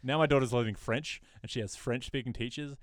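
A man in his thirties co-hosts a podcast in easygoing chat. He is an animated storyteller who keeps jumping into squeaky impressions. His voice sits at an ordinary pitch, and the sound is close and dry. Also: fairly quick, no room sound. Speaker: podcast co-host. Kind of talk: casual chat.

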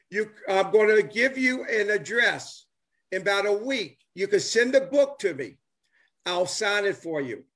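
With a lilting voice pitched above most men's and a fairly bright tone, this older ex-ballplayer and writer talks casually during a live stream. Eager and rambling, he stumbles through fillers and false starts on the way to his point.

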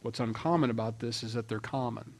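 A man preaching a sermon in a conversational way, acting out quoted voices and dropping between loud and quiet. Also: mid-range voice, fairly quick. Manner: conversational, acts out quoted voices with shifts in loudness. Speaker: pastor.

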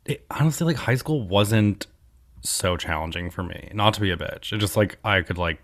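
A hoarse young man hosting a podcast, chatting casually with lots of fillers. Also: lowish voice, moderate pace, fairly bright tone. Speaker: podcast host. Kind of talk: casual chat.

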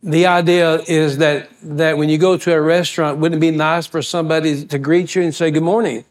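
In a folksy, animated storytelling sermon, a pastor acts out the other characters in his tales as he goes. His voice is slightly high for a man, and he moves fairly quickly.

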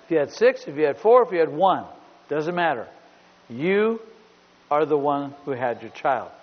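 A middle-aged male pastor preaching with a slightly high voice, emphatic and given to repeating himself. He tells a story as he goes. The recording is dull and lo-fi, with a long reverb from a large hall. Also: very animated, a little slow. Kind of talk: sermon.

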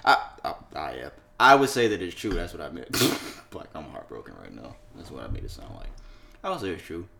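A man's voice: low-pitched, huge pitch swings, brisk, creaky, pushed and bright, a little hiss or hum. A young man co-hosting a podcast, chatting casually and loosely, swearing, laughing and reading headlines aloud. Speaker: podcast co-host. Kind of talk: casual chat.

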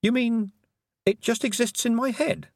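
A man voicing a sensible, determined young girl, speaking softly and earnestly in a lifted voice in an audiobook. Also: very high-pitched, measured pace, creaky, dry recording, clean studio sound, voice pushed up, heavily acted.

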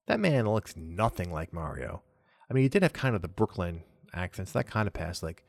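A young adult man hosting a solo gaming news podcast. He talks in a relaxed, chatty way, often trailing off and restarting, and chuckles at himself. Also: deep voice, fairly quick, gravelly, no room sound, clean studio sound. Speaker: podcast host.

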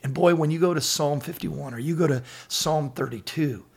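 A man's voice: a little high, moderate pace, creaky, slightly rough. A middle-aged man on a faith talk show, earnestly telling personal stories, quoting scripture and acting out the dialogue of others. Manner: earnest storytelling, quotes scripture and acts out dialogue. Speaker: podcast guest sharing faith stories.

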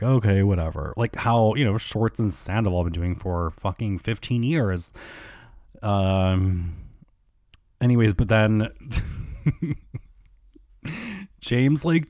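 A man hosting a solo podcast, chatting in a gossipy, profane way full of "like" and quick mimicry of the people he talks about. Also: on the low side, mellow, dry recording, studio quality. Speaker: podcast host. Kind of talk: casual solo podcast recap.

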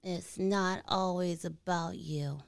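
A young woman with a soft, sweet voice, chatting as an interview guest, bubbly and quick to laugh. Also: lowish voice, steady tone, creaky. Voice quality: soft, sweet voice that doesn't sound threatening. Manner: giggly, bubbly, frequent laughter. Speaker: interview guest, musician's wife. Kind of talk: casual interview chat.

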